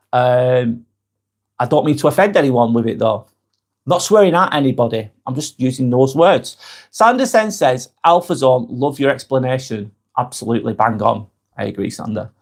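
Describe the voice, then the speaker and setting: A man's voice: mid-range voice, expressive, normal speed. Frank, swearing man chatting live. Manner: frank, swears casually, rambling and conversational. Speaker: live-stream host. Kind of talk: casual live-stream chat, answering viewer comments.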